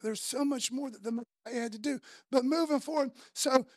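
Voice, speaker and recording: A woman preaching a casual sermon, slangy and conversational, telling the story in an animated way. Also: high voice, moderate pace, dry recording, studio quality.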